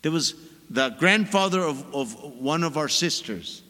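A Catholic priest in his sixties giving a sermon, an expressive storyteller who stresses his points by repeating them. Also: fairly high pitch, unhurried. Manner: animated, expressive storyteller with laughs and emphatic repetition. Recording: long reverb of a large hall.

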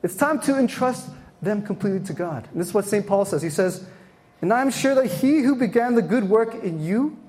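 A man leading a faith workshop for parents, telling a story with dramatic swells and quiet hushes. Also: high-pitched, lively intonation, a little fast. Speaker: workshop speaker.

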